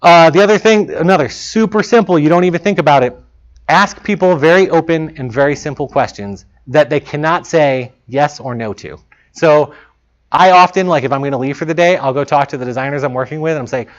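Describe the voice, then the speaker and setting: A fairly high-voiced man speaks casually to a room of students about working in game development. He keeps it chatty and acts out what he said in past moments. The recording sounds a bit muffled and lo-fi. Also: brisk. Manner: casual, chatty, quotes himself in lively asides. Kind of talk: informal talk to students. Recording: dull lo-fi talk recording.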